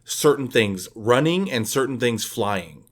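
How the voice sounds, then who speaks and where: A man's voice: medium pitch, expressive. Male co-host, casual and talkative, loose scenario-spinner. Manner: talkative, many fillers, drops into quick put-on voices. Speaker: podcast co-host. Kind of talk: casual chat, posing scenarios.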